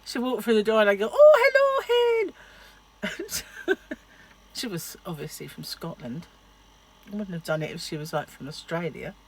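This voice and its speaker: A middle-aged woman chatting casually to her vlog audience. She tells rambling stories and laughs often. Her pitch swings up and down a great deal. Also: animated, brisk, breathy edge. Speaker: diet vlogger. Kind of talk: casual chat.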